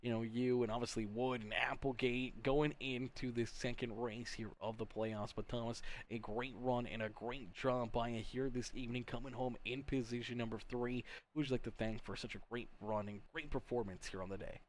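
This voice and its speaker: A man's voice: medium pitch, fairly even intonation, normal speed, slight background noise. A young Canadian man hosting a live sim racing broadcast, upbeat and folksy, chatting with viewers. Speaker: race broadcast host.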